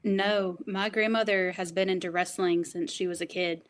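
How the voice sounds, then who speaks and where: A woman guest on a podcast interview, telling personal family stories in a lively, storytelling way. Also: fairly low pitch. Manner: fast, animated storytelling, quotes others' voices. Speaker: guest, wrestler's granddaughter.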